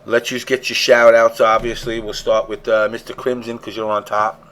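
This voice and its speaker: A man's voice: fairly low pitch, level tone, normal speed, fairly bright tone. A man hosting a casual gaming podcast, ranting emphatically and swearing freely. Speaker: show host.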